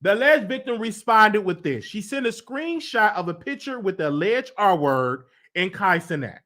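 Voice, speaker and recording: High, lively-voiced man host reading aloud. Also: normal speed. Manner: stops often to scroll back and reread. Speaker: show host. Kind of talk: reading messages aloud with commentary.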